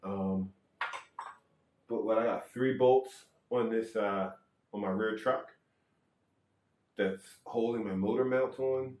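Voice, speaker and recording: Rambling, low-voiced man in an echoey room. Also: fairly even intonation, slow pace, pauses often, a little mellow. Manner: rambling, self-correcting, joking asides. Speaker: electric skateboard vlogger. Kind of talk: casual how-to demonstration.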